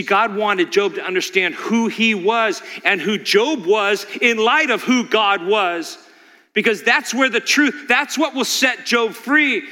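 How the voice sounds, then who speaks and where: A man's voice: high voice, bright, forceful tone. A man preaching a dramatic sermon, asking the congregation rhetorical questions. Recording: long hall reverb.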